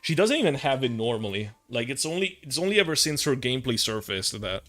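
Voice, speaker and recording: A man streams a game and talks casually to his viewers while playing, swearing often and ranting with many filler words. His mid-range voice swings widely in pitch, runs a little fast and sounds a bit bright, with soft music in the background.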